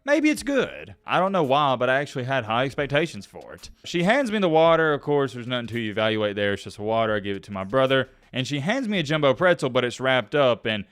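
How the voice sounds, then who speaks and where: A man rants to camera in a casual, exasperated storytelling voice, his pitch swinging up and down as he gets worked up. The tone is smooth and clear, recorded close and dry with no room sound. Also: sing-song, quick pace, few pauses, a bit bright, dry recording. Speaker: sports commentary vlogger. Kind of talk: casual ranting commentary.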